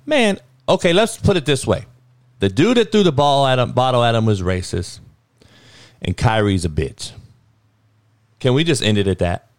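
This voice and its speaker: A man hosting a podcast, delivering a blunt, heated, profanity-laced sports rant that climbs into yelling. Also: on the low side, no room sound, clean studio sound. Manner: blunt, heated, swearing, rising to a yell. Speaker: podcast host.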